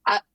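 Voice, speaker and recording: A woman's voice: sharp tone, no room sound. A woman playing a tabletop game, blunt and swearing, laughing often. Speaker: player. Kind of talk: casual tabletop play.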